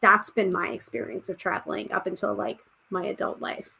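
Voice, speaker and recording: A woman's voice: medium pitch, flat delivery, brisk, gravelly, bright, forceful tone, breathy edge. A woman hosting a tarot podcast live stream, chatting casually and reading out viewer comments. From United States. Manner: chatty, reads out viewer comments, frequent fillers.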